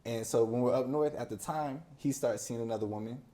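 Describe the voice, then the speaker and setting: Mellow-voiced young man telling stories. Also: mid-range voice, fairly quick. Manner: animated storyteller who acts out friends' voices; laughs often while telling stories. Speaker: podcast guest. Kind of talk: casual storytelling interview.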